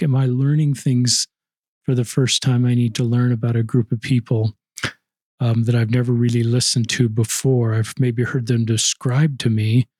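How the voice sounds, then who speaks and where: A man hosting a podcast interview, speaking in an earnest, measured and gently apologetic way. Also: medium pitch, breathy edge, dry recording. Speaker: podcast host. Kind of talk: casual interview chat.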